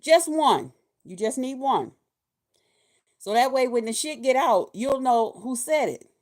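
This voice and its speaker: A woman in her fifties talking casually in a vlog, animated and profane, laughing often. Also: high voice, unhurried. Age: 50s. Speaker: vlogger.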